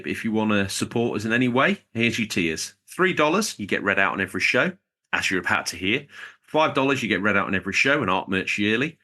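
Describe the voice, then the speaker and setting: Sharp in tone and fairly low in pitch, this man co-hosts a podcast. He rambles and jokes in a casual chat while reading out the names of supporters.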